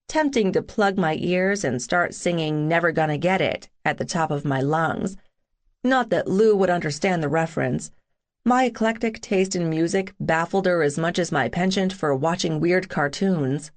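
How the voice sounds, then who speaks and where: A woman's voice: on the low side, moderate pace. A woman narrating a first-person audiobook in a dry, wry, self-deprecating manner.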